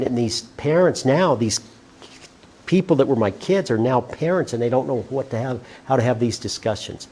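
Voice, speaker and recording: Middle-aged guy giving a heartfelt talk to a class, mid-pitched voice. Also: moderate pace, mellow. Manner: earnest storytelling, quotes others. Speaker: guest speaker, former school principal.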